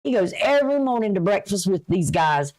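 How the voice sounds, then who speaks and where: A woman's voice: medium pitch, big pitch swings, fairly quick, darkish tone. A woman giving a casual, folksy astrology reading, chatty and advice-giving, with a runny nose. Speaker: astrology and tarot reader.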